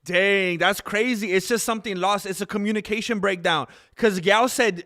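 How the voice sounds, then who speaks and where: A young man with a high, bright voice reacts to fights on his live stream. He jokes constantly and laughs often, with an easy, excitable delivery. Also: normal speed. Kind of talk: live fight commentary chat.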